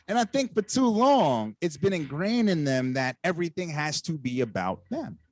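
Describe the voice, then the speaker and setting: A man with a fairly high, very lively voice hosts a loose podcast chat. He talks in an animated way and keeps coming back to the same catchphrases. The recording is dry and close. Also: no room sound. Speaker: podcast host. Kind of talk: casual chat.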